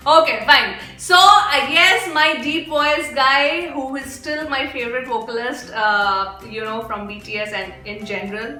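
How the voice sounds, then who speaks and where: A young woman from India hosting a K-pop reaction video, gushing and excitable, repeating herself and bursting into squeals. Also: a little high, echoey room.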